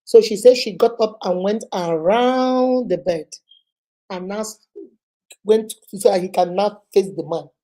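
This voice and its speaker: A woman's voice: mid-range voice, a little slow, warm tone. A woman with a Nigerian accent, giving counsel through vivid storytelling that slips into Pidgin phrases. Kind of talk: storytelling talk.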